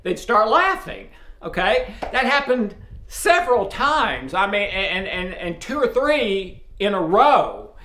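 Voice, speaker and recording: A man from East Tennessee with a strong Southern accent, casually and loudly addressing viewers as host of a faith video series. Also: high-pitched, sing-song, slow pace. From East Tennessee, USA. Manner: loud, speaks up forcefully. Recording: roomy echo.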